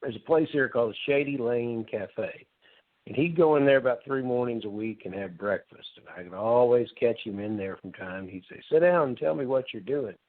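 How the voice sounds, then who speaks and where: A man's voice: mid-range voice, moderate pace, no echo. A man co-hosting a podcast, reminiscing in an easygoing chat with fillers. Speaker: podcast co-host. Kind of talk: casual chat over a call. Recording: dry, tinny phone-line audio.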